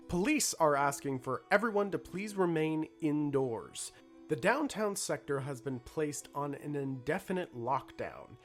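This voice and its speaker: A man voicing a male television news anchor reading breaking news in a formal broadcast manner. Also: on the high side.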